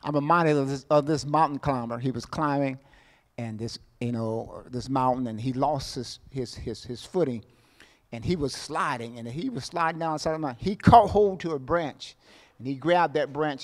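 A middle-aged man preaching a sermon as pastor, repeating his phrases, calling out for amens and swinging between loud bursts and quiet asides. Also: mid-range voice, moderate pace, long reverb tail. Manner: call-and-response, asks the congregation for amens; repeats words and phrases for emphasis.

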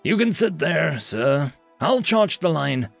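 A man's voice: a little high, normal speed, no echo, soft background music, pitched above the performer's own voice, natural voice. A man voicing a cheerful, reckless human soldier who talks casually and shrugs off danger. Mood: eager.

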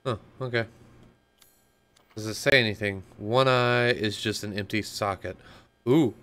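Brief: male let's-player, slow and clear-voiced, jokey and chatty. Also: lowish voice, fairly even intonation, fairly bright tone. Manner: joking, rambling, talks to himself. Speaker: gaming channel host. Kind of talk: casual gameplay commentary.

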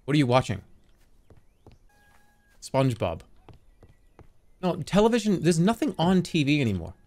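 A man in his thirties streaming a game live, talking in an animated, rambling and profane way. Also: mid-range voice, normal speed. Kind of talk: live gameplay commentary.

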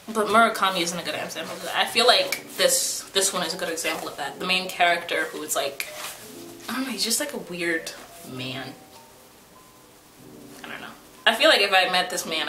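Young woman, casual book vlog, rambling and self-teasing, crisp bright tone, echoey room. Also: lowish voice. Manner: chatty, rambling, filler-heavy, playfully teasing herself. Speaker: book vlogger. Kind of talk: casual chat to camera. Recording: roomy echo, faint background music.

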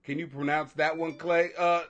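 A man chatting casually with viewers, animated and profane, joking and laughing often and tripping over hard names. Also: fairly high pitch, moderate pace, dull audio.

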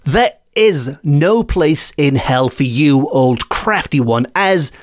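A man voicing an impatient, snarling male devil in a folk tale, lowering and slowing his voice. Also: expressive, no room sound, clean studio sound. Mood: irritated.

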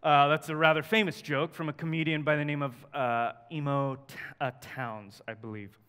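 A man's voice: a little high, steady tone, moderate pace, bright, forceful tone, clean tone. A male pastor preaching a sermon in a conversational, joking and emphatic way, in a church hall. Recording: long hall reverb.

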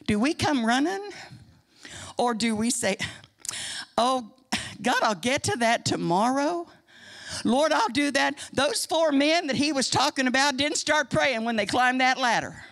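A woman's voice: sits high, lively intonation, normal speed, gravelly, a bit bright. An older woman with a Midwestern American accent, preaching in a church in a folksy, emphatic way. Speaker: church speaker. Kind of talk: sermon. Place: church sanctuary.

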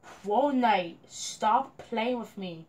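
A woman's voice: a little high, lively intonation, very slow, a little mellow. A young woman commenting on her gameplay, frustrated and complaining at a teammate. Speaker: gamer.

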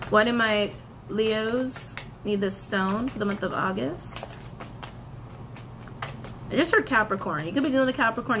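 A woman reading tarot and crystal meanings, animated, repeating her phrases and breaking into excited outbursts. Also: mid-range voice, slight background noise. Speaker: tarot reader.

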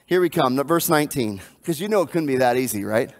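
A male pastor preaching a sermon, animated and emphatic, repeating phrases for emphasis. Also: medium pitch, a little fast.

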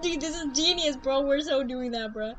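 A woman streaming a game, chatting casually in slang and breaking into loud outbursts. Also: sits high, normal speed, a crowd in the background, low-quality recording. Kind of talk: casual gaming livestream chat. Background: game music.

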